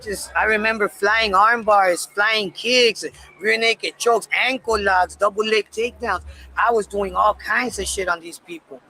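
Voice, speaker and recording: A man casually telling a personal story in a candid, profane, animated way. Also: high voice, measured pace, slight background noise, low-quality recording.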